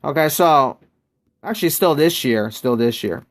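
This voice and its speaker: A man's voice: medium pitch, animated, a little slow. A man streaming a mobile basketball game, chatting casually and greeting viewers from chat.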